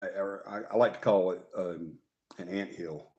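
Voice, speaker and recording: A man's voice: low-pitched, normal speed, warm tone, muffled recording. A man hosting a paranormal talk show in casual, rambling live-stream chat, joking and restarting his sentences. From Alabama.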